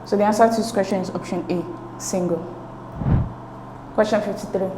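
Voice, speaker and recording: A woman's voice: medium pitch, steady tone, normal speed. A woman teacher explaining exam answers step by step, patient and methodical, often checking in with "okay?". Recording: echoey room with faint noise.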